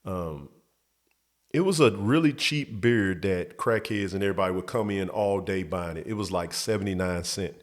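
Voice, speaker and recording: A middle-aged man with a somewhat low voice spins a long anecdote as host of his own show. He talks in a loose, casual way with restarts, and turns animated, shooting his pitch up high when he acts out what people said. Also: normal speed. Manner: animated, jumps up high when quoting others. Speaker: host telling a story. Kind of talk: casual storytelling.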